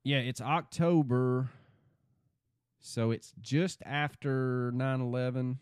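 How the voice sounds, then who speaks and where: A man's voice: medium pitch, steady tone, slow pace, clear, resonant tone, no room sound. Easygoing man, dry close sound. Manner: easygoing, theorizing aloud. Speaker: podcast co-host. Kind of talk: casual chat.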